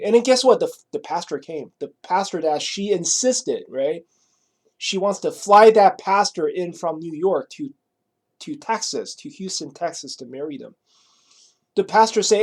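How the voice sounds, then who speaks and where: A man's voice: sits high, animated, measured pace, darkish tone. A man telling a story in a rambling monologue, casual and profane, always adding "right?" and "you know?". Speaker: vlogger.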